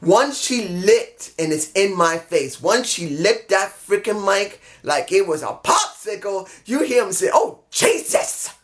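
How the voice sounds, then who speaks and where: Excitable guy reviewing wrestling alone, rambly, keeps blanking on names. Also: sits high, a little slow, few pauses. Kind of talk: casual solo review.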